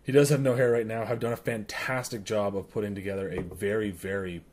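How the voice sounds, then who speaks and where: A man's voice: fairly low pitch, fairly even intonation, brisk, darkish tone. A man co-hosting a podcast in casual chat, playful and enthusiastic. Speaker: podcast co-host.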